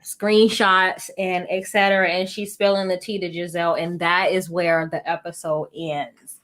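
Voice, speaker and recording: A woman hosting a podcast, chatting casually and gossiping as she recaps a reality show episode. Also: fairly low pitch. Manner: animated, gossipy, quick asides. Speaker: podcast host.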